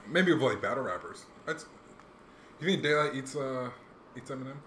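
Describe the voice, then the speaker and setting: A young man hosting a podcast, chatting casually in a rambling, animated way with lots of fillers. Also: mid-range voice, normal speed. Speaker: podcast host. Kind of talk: casual chat. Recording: echoey room, faint noise.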